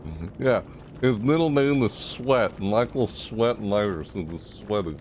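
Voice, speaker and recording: A man's voice: fairly low pitch, lively intonation, takes it slowly, a little mellow, slight background noise. A man giving chatty, casual commentary while playing a video game, reacting aloud and talking to himself. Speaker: gaming YouTuber.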